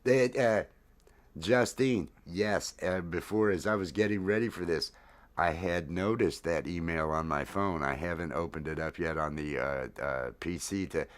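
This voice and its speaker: A man hosting a live stream, chatting loosely with viewers and greeting them by name while high. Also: measured pace. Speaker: livestream host and musician. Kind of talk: casual chat to a live stream audience. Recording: echoey room with loud music behind. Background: loud music.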